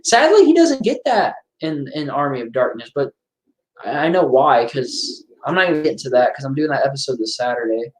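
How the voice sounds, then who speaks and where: A man's voice: mid-range voice, very animated, fairly quick. A man giving casual watch-along commentary on a horror film, chatting and reacting aloud to the scenes.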